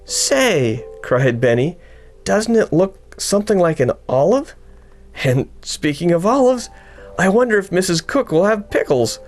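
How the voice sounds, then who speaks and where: A man's voice: high voice, big pitch swings, unhurried, faint music behind, voice pushed up, heavily acted. A man voicing an eager, chatty young boy who keeps talking about food, for a storybook reading.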